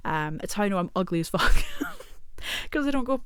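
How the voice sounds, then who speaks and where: A woman's voice: medium pitch, expressive, a little fast, clean tone, no echo, studio quality. A young woman in her twenties with a British accent, rambling and joking about herself in a casual home vlog, swearing freely. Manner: rambling and self-deprecating, swears often, laughs a lot. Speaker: vlogger. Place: at home in a small room.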